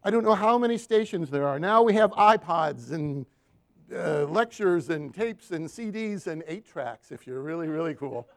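A man with a slightly high voice speaking at normal speed preaches a sermon. He animatedly tells stories from his counseling work and calls on the congregation for amens.

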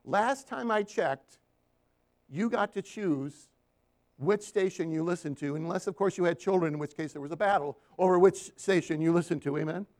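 At a moderate pace, a man whose voice sits high delivers a sermon built around stories from his counseling work. His telling is animated, and he asks the congregation for amens along the way.

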